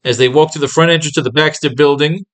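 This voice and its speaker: A man's voice: fairly high pitch, fairly even intonation, fast, fairly bright tone. A man teaching comic writing in a casual, rambling and profane way, acting out scenes as he plans pages.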